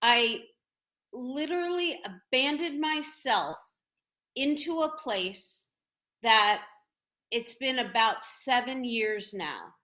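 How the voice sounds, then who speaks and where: A woman hosting a talk show, speaking in a measured, heartfelt way with pauses as she shares her own experience. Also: on the high side, animated, sharp tone. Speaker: host.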